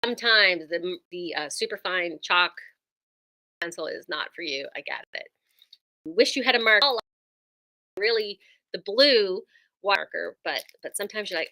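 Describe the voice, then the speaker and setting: A woman's voice: fairly low pitch, animated, normal speed, long pauses, sharp tone. A woman who runs a quilt shop, chatting enthusiastically through a casual product demo with lots of ums and likes.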